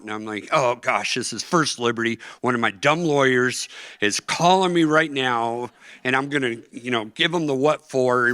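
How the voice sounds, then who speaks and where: A middle-aged man tells a personal story of hard times with an earnest, plainspoken delivery that gets tearful at moments. His voice has a bright, forceful edge. The sound is dry and close. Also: fairly low pitch, no echo. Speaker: interview guest. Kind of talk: emotional personal testimony. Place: conference stage.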